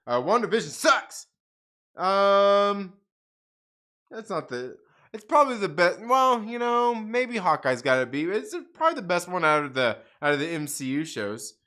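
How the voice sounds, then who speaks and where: A man's voice: high voice, very animated, normal speed, sharp tone. A man hosting a casual livestream, swearing a lot, laughing and ranting at chat comments with lots of repeats. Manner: profane, laughing, repetitive ranting. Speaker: livestream host.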